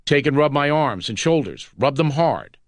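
A man reading the lines of a badly injured older army general, speaking low, weak and strained but still commanding, in a recorded audiobook. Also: big pitch swings, moderate pace, no echo. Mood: weak, gruff.

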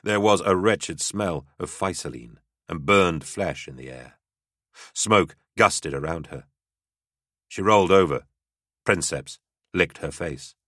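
Male audiobook narrator, very deep voice, forceful, dry close sound, steady dramatic reading. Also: a little slow, no room sound.

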